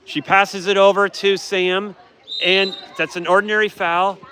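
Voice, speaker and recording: Excitable high-voiced man calling a game. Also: unhurried, slight background noise. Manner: excitable, shouts on big plays, chatty asides. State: coughing from yelling. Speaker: livestream commentator at a youth water polo game. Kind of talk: excited amateur play-by-play commentary.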